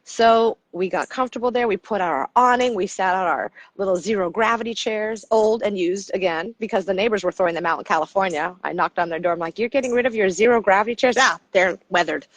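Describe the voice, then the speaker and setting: A middle-aged American woman chats as an interview guest, spinning animated stories and slipping into the voices of the people in them. Her pitch sits mid-range, and the sound is dry and close, with little room echo. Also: fast talker, few pauses. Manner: animated storyteller, acts out quotes. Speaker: podcast guest, coach. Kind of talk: casual storytelling interview.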